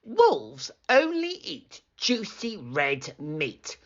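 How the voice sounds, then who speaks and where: A man's voice: a little high, huge pitch swings, drawn-out words, fairly bright tone, lo-fi sound, voice pushed up, exaggerated voice. A man voicing a huffy, fussy male wolf for a storybook read-aloud, with squealing, indignant complaints. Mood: disgusted.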